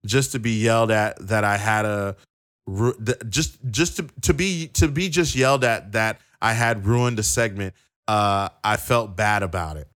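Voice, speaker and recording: A man's voice: fairly low pitch, measured pace, fairly bright tone. A man co-hosting a casual wrestling podcast who stammers and restarts, then reads long quotes aloud. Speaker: podcast co-host.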